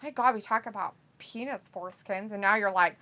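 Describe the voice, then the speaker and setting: A woman's voice: mid-range voice, fairly quick, bright, forceful tone. A woman hosting a live watch-along stream, reading chat messages aloud with frequent giggles and teasing replies.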